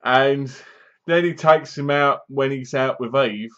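A young film reviewer chattily retells a movie's plot in a casual spoken review, leaning heavily on fillers like "basically." His voice is medium-pitched, slow and a bit bright, with lo-fi sound.

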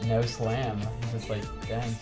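A man's voice: mid-range voice, level tone, a little slow. A man reviewing soundtrack music with friends, making playful, joking asides. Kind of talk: casual group chat.

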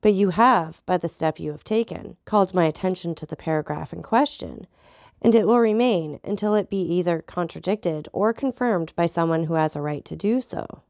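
A woman voicing a calm, ironic male journalist who replies in a deliberate, measured way, with a gravelly voice. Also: on the low side, dry recording, clean studio sound, close to an everyday voice.

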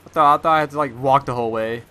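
Here a young man gives let's-play commentary on a video game, filling his rambling with "like" and bursting out in surprise. He talks rapid-fire at medium pitch with a sharp tone.

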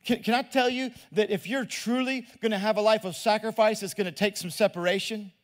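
A middle-aged man with a drawl preaches a sermon in a high voice for a man. He talks to the crowd like a friend, doubles back over his words and keeps asking them questions. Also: steady tone, a little fast. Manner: conversational, repeats words, asks the crowd questions. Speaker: pastor.

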